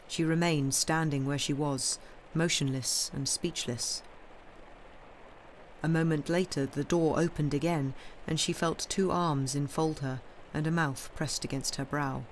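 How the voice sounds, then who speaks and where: A woman reading a classic novel aloud on a live stream, in a steady, measured storytelling voice with the odd small restart. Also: low-pitched, slight background noise. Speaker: reader. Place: home streaming setup.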